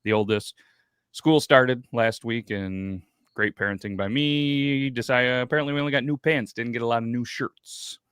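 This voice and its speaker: A man's voice: mid-range voice, normal speed, a bit bright, smooth, no room sound, studio quality. A man in his thirties hosting a podcast, telling rambling, profane stories in casual chat. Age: 30s. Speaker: podcast host.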